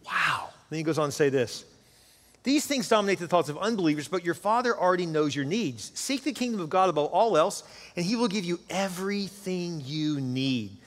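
Pastor preaching in a reverberant hall. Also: male voice, sits high, lively intonation, fairly quick. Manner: conversational, joking storyteller. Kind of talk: sermon.

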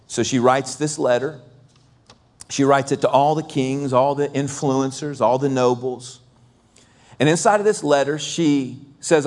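Emphatic male preacher, slow and deliberate. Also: medium pitch, darkish tone. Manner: emphatic, repetitive lists. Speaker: pastor. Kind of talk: sermon.

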